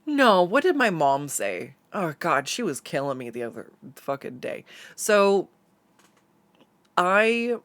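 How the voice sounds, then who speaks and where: A woman's voice: on the low side, sing-song, takes it slowly, a bit bright, no echo. A young woman streamer telling stories in casual chat, laughing often and swearing freely.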